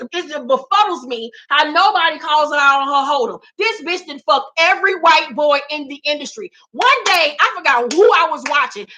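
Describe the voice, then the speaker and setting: High, bright-voiced woman ranting. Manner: profane, emphatic, repeats lines for effect. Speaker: vlog host. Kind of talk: celebrity gossip rant.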